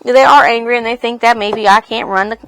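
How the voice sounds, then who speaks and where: A woman's voice: fairly high pitch, steady tone, a little fast, fairly bright tone, dry recording. Woman reading as an anxious woman leader. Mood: pleading.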